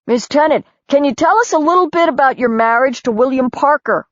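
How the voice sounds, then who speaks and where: A woman's voice: sits high, animated, a little fast, no room sound, muffled recording, voice pushed up. A woman doing a pushy male tabloid reporter. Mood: prying. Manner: persistent, prying questions.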